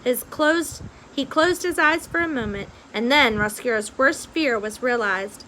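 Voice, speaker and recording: Woman reader, high and bright, expressive storybook reading. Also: measured pace, slight background noise, low-quality recording. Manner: recaps casually, then reads with expression. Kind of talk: reading a children's novel aloud.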